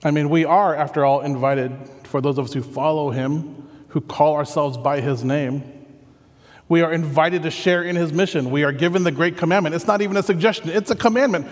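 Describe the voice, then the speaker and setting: Man, pastor giving a sermon; slightly high voice, earnest and chatty, with a long hall echo. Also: brisk. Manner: earnest, conversational, thinking aloud.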